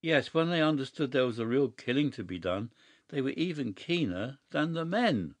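Storybook prankster: unruffled, sly, mid-pitched, by a male narrator. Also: moderate pace, no echo. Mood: calm. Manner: calm, matter-of-fact, sly. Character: cool mischievous young gentleman prankster.

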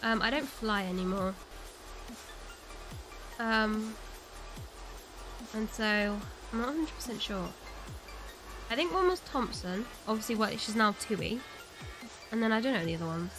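Woman from italy streaming a game, a bit high-pitched, lots of ums, soft music behind. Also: animated, a little slow, pauses often. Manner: hesitant, many ums and restarts. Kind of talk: casual live-stream chat while gaming.

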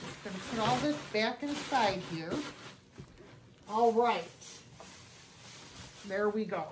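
Woman vlogger unboxing at home, warm and chatty, slow delivery, faint background hum. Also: mid-range voice, expressive. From United States. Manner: gushing and chatty. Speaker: thrift vlogger. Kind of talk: casual haul video.

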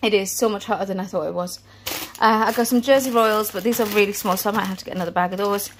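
A woman's voice: mid-range voice, fast talker, slight background noise. A British woman in her thirties, out of breath, chatting casually through a family shopping haul. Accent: British English. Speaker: family vlogger. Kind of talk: casual vlog chat.

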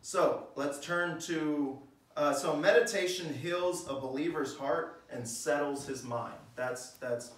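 A man with a fairly high voice preaches in a relaxed, talky way, firing rhetorical questions at his listeners. He sounds set back from the microphone, and the church hall rings with heavy echo around him. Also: slow. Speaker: pastor. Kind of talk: sermon. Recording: echoey room, mic at a distance.

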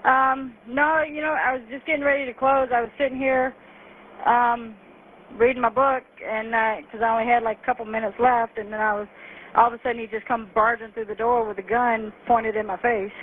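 A woman's voice: on the high side, level tone. Shaken woman clerk on a phone line. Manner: shaken, hesitant, halting. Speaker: store clerk, robbery victim calling 911. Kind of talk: emergency phone call. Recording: tinny phone line with faint hiss.

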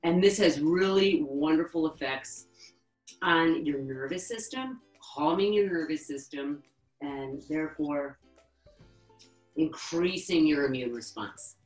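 A woman yoga therapist teaching a webinar lesson, calmly guiding breathing exercises and counting breaths. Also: low voice, reverberant, faint music behind, poor audio. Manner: calm, instructive, counts breaths slowly.

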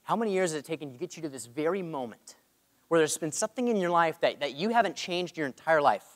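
A man's voice: on the high side, animated, fast. A man telling a personal story in an earnest sermon and calling out to the congregation for amens. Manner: earnest, calls for amens from the crowd. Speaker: preacher. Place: church hall. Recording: long reverb of a large hall.

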